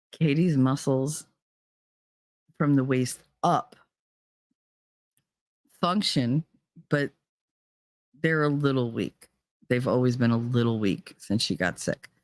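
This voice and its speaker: A woman's voice: very deep voice, no room sound, clean studio sound. A middle-aged woman with a New Jersey accent, talking candidly and bluntly on her podcast, swearing freely. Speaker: podcast host, parent. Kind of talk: casual candid talk.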